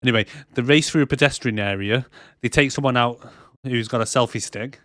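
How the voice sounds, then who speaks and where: A man's voice: mid-range voice, fairly quick, fairly bright tone, no echo, studio quality. A man co-hosting a movie podcast, recapping the plot in a casual, rambling way, laughing a lot and swearing freely. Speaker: podcast co-host.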